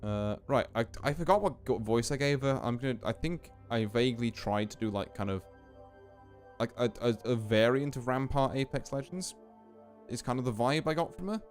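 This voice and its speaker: A man's voice: mid-range voice, normal speed. A man streaming a game, chatting casually to viewers in a rambling, self-interrupting way over faint music. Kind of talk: casual live commentary.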